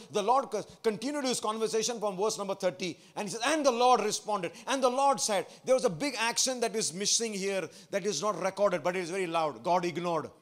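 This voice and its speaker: A man, a pastor, preaching a sermon to his church, asking the congregation questions and repeating phrases for emphasis. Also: sits high.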